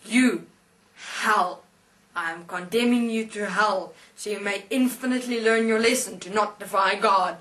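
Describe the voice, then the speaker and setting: A woman voicing a huge, stern angel at heaven's gate who gives loud, booming commands. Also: measured pace, natural voice. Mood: condemning. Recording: voice distant from the mic.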